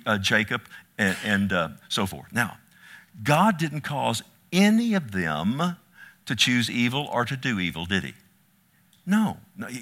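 Bright-voiced male preacher with joking asides. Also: mid-range voice. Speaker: pastor. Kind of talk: sermon. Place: church.

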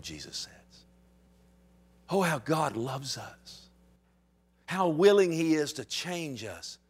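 A man preaching a sermon to a congregation with impassioned emphasis, asking rhetorical questions and swinging between loud declarations and hushed intensity. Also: a little high, sing-song, slow pace, long pauses, breathy edge. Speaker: pastor.

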